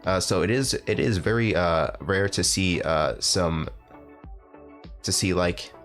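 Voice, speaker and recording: A man announcing a live online game tournament, talking in a rambling, halting way with lots of fillers and restarts. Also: low voice, fairly bright tone, soft background music. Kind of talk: live esports commentary.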